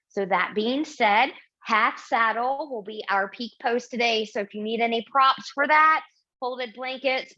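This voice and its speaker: Gentle woman yoga teacher, fairly high. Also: dull audio. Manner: gentle, unhurried cueing with casual fillers. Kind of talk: guided yoga class instruction.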